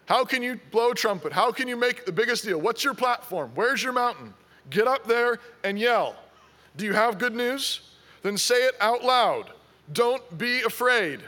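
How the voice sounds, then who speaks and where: Male pastor, high bright voice, preaching with insistent repeated questions. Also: expressive, moderate pace. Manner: exhorting, repeats rhetorical questions. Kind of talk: sermon.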